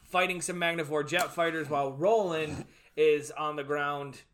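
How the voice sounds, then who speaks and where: A man co-hosting a casual recap chat, excitable, swearing freely and acting out scenes. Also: on the high side, normal speed. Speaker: podcast co-host.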